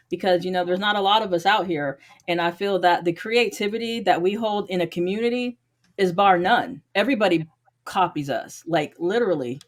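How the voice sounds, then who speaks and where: A woman in a casual podcast chat, speaking in an upbeat, reflective way with some fillers. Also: fairly low pitch. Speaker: podcaster, challenge participant.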